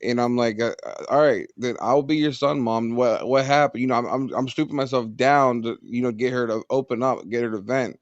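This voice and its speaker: A man of middle pitch telling stories in a casual podcast chat, stumbling and repeating words as he goes. His voice is recorded dry, with a dull, lo-fi sound. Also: fairly even intonation, brisk, few pauses, no echo. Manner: storytelling, many restarts and repeated words. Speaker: podcast guest.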